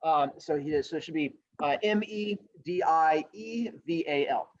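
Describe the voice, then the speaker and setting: A male teacher telling a fable to his class, rambling and joking in an animated way over a video call. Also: a little high, moderate pace, dull audio. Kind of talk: storytelling lesson.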